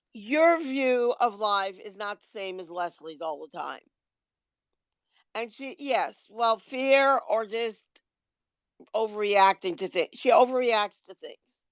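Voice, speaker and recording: Woman livestream host, blunt and preachy, smooth clear voice, dry close sound. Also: on the high side, lively intonation, slow pace, no room sound. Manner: blunt, lecturing, swears casually. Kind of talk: livestream rant.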